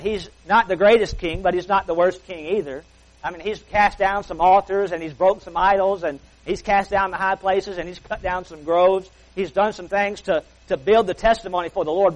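Emphatic preacher, higher voice. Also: male voice, low-quality recording. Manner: emphatic, slows and stretches key words. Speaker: pastor. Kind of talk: sermon.

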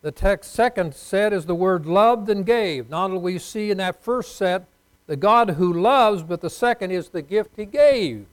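A man delivers a sermon in a voice pitched a little high for a man. He leads the congregation in call-and-response and swings from soft, low asides to loud, emphatic lines. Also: expressive, a little slow, clear, resonant tone, low-quality recording. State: unwell. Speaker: preacher.

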